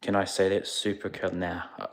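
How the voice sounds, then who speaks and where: In a low, flat voice at normal speed, a man chats casually on his livestream. He rambles, sounds a little sleepy and laid-back, and takes questions from the chat.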